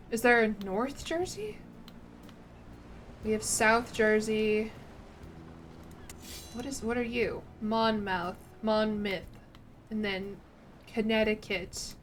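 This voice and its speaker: With a medium-pitched, fairly bright voice, a woman streams a game and chats casually while she plays. She rambles a little, reads out chat, and pokes fun at herself.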